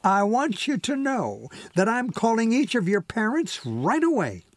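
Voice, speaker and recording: A man's voice: very high-pitched, huge pitch swings, unhurried, dry recording, voice pushed up, full character voice. A man voicing a petite, stern mother with a drill-sergeant tone in a read-aloud story.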